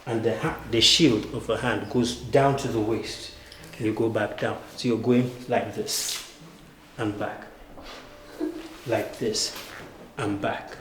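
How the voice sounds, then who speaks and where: A man's voice: fairly low pitch, fairly even intonation, slow, pauses often. A man coaching acting students through stage combat drills, counting out moves and calling cues in a commanding way. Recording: echoey room with background noise.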